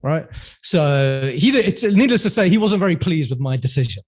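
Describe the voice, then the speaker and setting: A man's voice: a little high, lively intonation, moderate pace, a little mellow. Chatty man. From London, England. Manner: chatty, laughs often, many fillers. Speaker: podcast guest. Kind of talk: casual interview storytelling.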